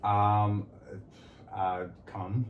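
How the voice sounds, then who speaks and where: Low-voiced man rambling in an echoey room. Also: monotone, very slow, narrow, tinny audio. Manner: rambling, many fillers and self-corrections. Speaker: podcast guest. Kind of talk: casual frank conversation. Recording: echoey room, light background noise.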